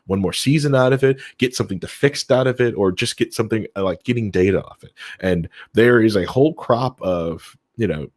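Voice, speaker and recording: Male podcast co-host in his thirties, low voice, digressive and filler-heavy, dry sound. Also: darkish tone, no echo. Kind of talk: casual podcast discussion.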